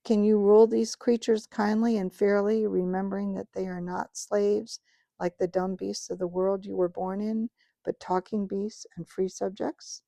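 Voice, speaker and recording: A majestic, kindly lion king speaks with grave, measured authority, as a woman reading a storybook puts him on. The voice has a gravelly, dark edge and sounds close and dry, with no room around it. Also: medium pitch, level tone, no room sound, lightly acted. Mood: solemn. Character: majestic male lion king, solemn and kind.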